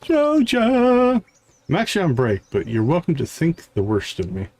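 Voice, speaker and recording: A man streaming a farming game, reading its character dialogue aloud with varied voices and adding quick asides. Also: mid-range voice, sing-song, darkish tone, slightly rough.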